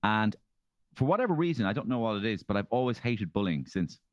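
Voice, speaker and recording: An Irish man as a comedian guest, telling animated stories in a casual chat and slipping into impressions. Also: fairly low pitch, a little fast, dry recording, dull audio. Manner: animated storyteller, slips into impressions.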